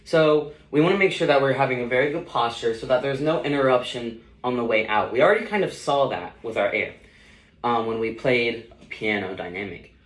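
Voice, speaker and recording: A young man, a music student, giving a relaxed saxophone lesson, explaining loosely with many fillers. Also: mid-range voice, brisk. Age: young adult. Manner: casual, loose explanations with fillers like "you know" and "um". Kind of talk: instructional demonstration. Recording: roomy echo with saxophone playing. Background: saxophone notes between phrases.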